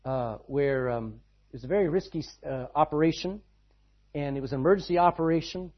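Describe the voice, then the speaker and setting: Male preacher, husky and a little high-pitched, dramatic loud-soft delivery; muffled lo-fi recording. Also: fairly quick. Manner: dramatic swings between loud and hushed. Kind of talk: sermon. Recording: dull lo-fi sound.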